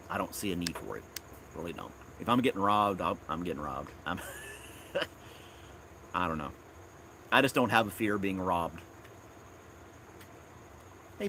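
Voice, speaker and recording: A man's voice: mid-range voice, sharp tone, slight background noise. A man from Tennessee, hosting a casual live stream outdoors in his backyard, rambling and chuckling often.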